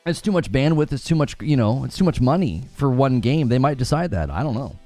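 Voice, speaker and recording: A man's voice: medium pitch, lively intonation, a little fast, warm tone, no echo, faint music behind. A man hosting a live gaming talk stream, reading viewer tips and joking sarcastically, laughing often. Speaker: live talk show host. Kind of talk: live stream commentary reading super chats.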